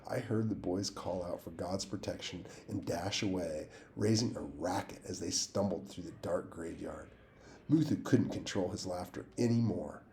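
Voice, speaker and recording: Male audiobook reader, low and mellow voice, steady plain read. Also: normal speed, a little hiss or hum. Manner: steady, plain reading with small slips and restarts. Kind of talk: reading a novel aloud.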